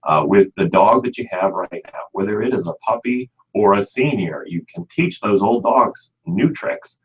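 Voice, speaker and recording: Husky low-voiced Midwestern radio host. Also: male voice, animated, moderate pace. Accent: Midwestern American. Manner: folksy and chatty, heavy on "you know". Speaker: radio show host, pet store expert. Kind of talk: casual radio talk. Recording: dull lo-fi radio audio.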